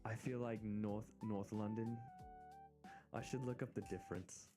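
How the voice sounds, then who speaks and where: An American man streaming, chatting casually and excitedly in rambling asides. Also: fairly low pitch, measured pace, over music. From United States. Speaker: VTuber streamer. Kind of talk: casual live-stream chat.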